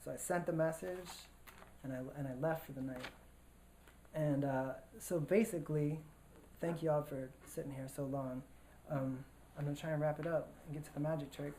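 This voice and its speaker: A man's voice: on the high side, steady tone, moderate pace, mellow. Casual man telling a story on stage. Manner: casual, slangy, with many fillers and restarts. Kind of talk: live personal storytelling. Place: stage in front of an audience. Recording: roomy hall echo, faint room noise.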